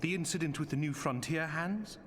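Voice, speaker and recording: A man's voice: on the high side, normal speed, a crowd in the background, close to an everyday voice. Gracious, formal knight lord voiced by a man. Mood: courteous.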